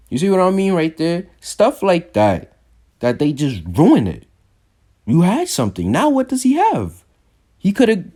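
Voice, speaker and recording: Young guy rambling about wrestling, low mellow voice, lots of ums and likes, gets worked up and squeaky when annoyed. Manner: animated, rambling, many fillers and restarts; jumps high when exasperated. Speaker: wrestling podcast host. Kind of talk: casual review monologue.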